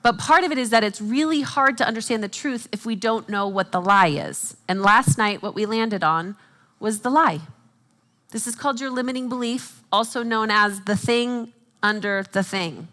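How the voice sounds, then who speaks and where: A woman speaking at a Christian conference, teaching with animated asides and jokes for the audience. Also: fairly high pitch, normal speed. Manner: animated, quotes herself and others in acted voices.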